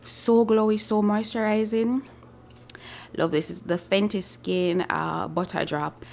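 A woman chatting casually in a travel vlog. She sounds husky and tired after just waking up. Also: medium pitch, little pitch movement, measured pace, a little mellow, a little hiss or hum. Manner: chatty, shows items to camera. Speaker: vlogger.

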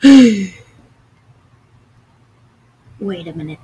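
A woman giving casual gameplay commentary with excitable, dramatic outbursts, sometimes trying out odd voices. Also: medium pitch, takes it slowly, long pauses, slightly rough, rough recording. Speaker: gamer.

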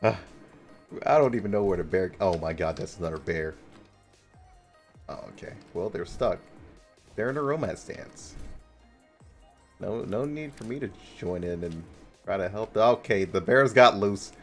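A young man giving casual gameplay commentary as a streamer, excitable, laughing often and yelping and swearing at enemies. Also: low-pitched, a little slow, pauses often, faint music behind. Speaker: gaming streamer.

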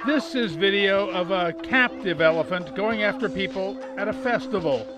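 Guy narrating a documentary, pretty high voice, music playing underneath. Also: moderate pace.

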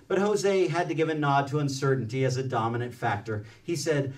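A man reads from his book to a library audience, easing into loose, rambling asides full of "uh" and restarts. His voice sounds set back from the microphone, with a mid-range pitch. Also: normal speed, few pauses, distant mic. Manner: reads aloud, then speaks loosely with many fillers and restarts. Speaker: author reading from his book. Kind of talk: book reading mixed with casual storytelling. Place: public library event room.

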